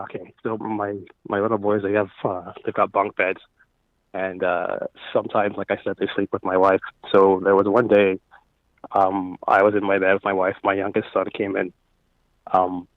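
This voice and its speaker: A man's voice: lowish voice, no room sound. A man in his thirties from Florida calls in by phone and tells a ghost story, nervous and hesitant, with many fillers. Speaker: caller. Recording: tinny phone line, very dry.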